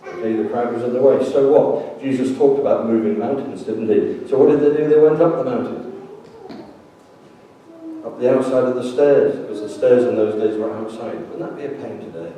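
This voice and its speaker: A priest preaches a sermon in a church sanctuary, telling stories in a joking, jovial manner. His mid-range voice has a dark tone and a normal pace. The recording is echoey, with a distant mic and background noise.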